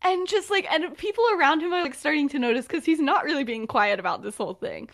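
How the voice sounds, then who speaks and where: Young female podcast co-host, casual rambling storyteller, acts out lines, slightly high voice. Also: animated, fast, few pauses, a bit bright. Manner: rambling, many fillers, acts out quotes. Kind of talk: casual chat retelling a story.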